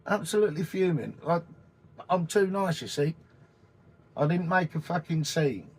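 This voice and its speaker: A man in his sixties, from England, ranting in a casual vlog, blunt and full of swearing, with a husky voice. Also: on the high side, expressive, moderate pace. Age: 60s. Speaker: vanlife vlogger. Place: in and around a camper van, partly outdoors.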